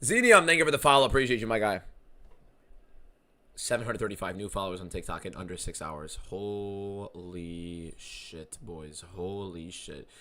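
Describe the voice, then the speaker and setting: A man hosting a live fight watchalong stream, talking in an excitable, profane and rambling way. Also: on the low side, quick pace, long pauses. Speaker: streamer host.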